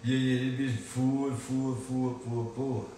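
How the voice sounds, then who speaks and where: A man ranting boastfully into his phone camera outdoors in the sun, taunting and laughing as his voice swings loud and high. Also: level tone, slow pace, reverberant, slight background noise. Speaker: internet personality. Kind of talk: boastful selfie vlog rant.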